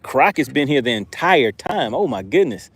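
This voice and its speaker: A man's voice: medium pitch, very animated, normal speed, a bit bright, breathy edge. Man reading chat aloud. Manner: reads viewer comments aloud, laughs often. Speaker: fishing livestream host. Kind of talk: casual live chat.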